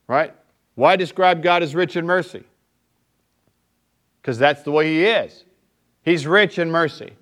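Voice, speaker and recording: A man preaching a sermon in a relaxed, conversational way, often checking in with his listeners. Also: high voice. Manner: conversational, keeps asking "right?". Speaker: pastor.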